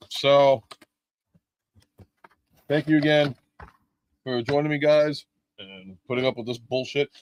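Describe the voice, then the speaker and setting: A man's voice: medium pitch, no echo. A middle-aged man live-streaming a toy unboxing, chatting casually with jokes, swearing and lots of fillers.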